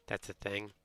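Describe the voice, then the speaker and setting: A man's voice: sharp tone, no echo. A man from the United States, a streamer rambling in casual chat and answering his viewers. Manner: rambling, chatty storytelling, reads and answers chat.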